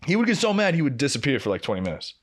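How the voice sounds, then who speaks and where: A man's voice: on the high side, very fast. A young man co-hosting a podcast, telling a work story in casual chat, swearing a lot and acting out what people said. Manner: profane, animated storyteller who acts out quotes. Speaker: podcast co-host.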